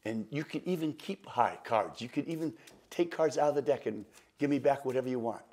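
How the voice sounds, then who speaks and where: An older man, a magician, telling stories and walking through a card trick, lively and repeating words. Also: medium pitch, a little fast, slight background noise. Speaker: magician, interview guest. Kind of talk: storytelling and card demonstration.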